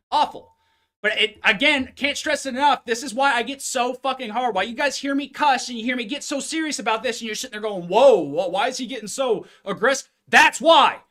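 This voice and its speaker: A man's voice: very high voice, pushed and bright. A man, a fitness coach, giving a blunt, intense live-stream pep talk full of cursing, speaking into a phone.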